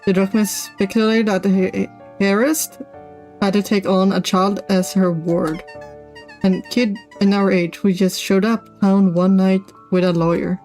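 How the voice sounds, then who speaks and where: A nosy young reporter girl spreading rumors , as a woman reads her out. She sounds mid-pitched and close to the reader's own voice. The read is plain and everyday. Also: flat delivery, a little slow, a little mellow, soft background music, natural voice. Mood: gossipy. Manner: reads game dialogue aloud.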